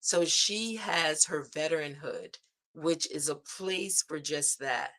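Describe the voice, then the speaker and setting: Woman hosting a devotional stream, bright tone, deliberate unhurried delivery. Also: low-pitched. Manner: slow, earnest, with spoken declarations and frequent "right?". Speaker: host of a devotional livestream. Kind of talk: inspirational devotional talk. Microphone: streaming setup.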